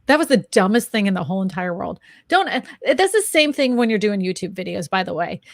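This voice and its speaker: A woman's voice: mid-range voice, big pitch swings, quick pace, no room sound. Chatty self-deprecating woman, dry sound. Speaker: co-host, real estate agent and YouTuber. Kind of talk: casual chat.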